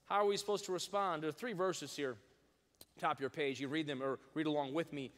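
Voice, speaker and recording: A male pastor preaching in an animated way and reading scripture aloud with emphasis. He has a slightly high voice and coaxes his listeners to repeat phrases back to him. His voice rings out with a long reverb from a large church hall. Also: fairly quick. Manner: reads scripture in old-fashioned wording with rising emphasis. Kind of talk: sermon.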